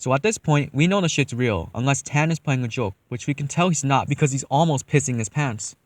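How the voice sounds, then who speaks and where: A man's voice: mid-range voice, animated, brisk, no room sound. A young man narrating a first-person horror story in a casual, matter-of-fact way, swearing freely. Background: faint eerie background music.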